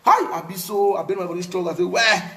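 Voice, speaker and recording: A man with a Cameroonian Pidgin English accent tells his own story in a casual, animated way, repeating words for emphasis. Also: high-pitched, rapid-fire, roomy sound. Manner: animated, repetitive, pidgin phrasing. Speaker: activist.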